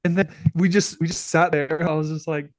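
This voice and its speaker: A man's voice: on the high side, fairly even intonation, fairly quick, dry recording. A man co-hosting a podcast, rambling through a casual movie chat with plenty of fillers and acted-out quotes. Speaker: podcast co-host.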